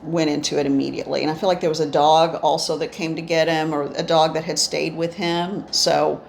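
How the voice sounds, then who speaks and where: A woman's voice: deep voice, level tone, fairly quick, vocal fry, a little hiss or hum. A woman medium telling her experiences in a rambling, reflective way, with many restarts. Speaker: spiritual medium. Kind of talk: instructional storytelling. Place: indoors, eyes often closed while talking.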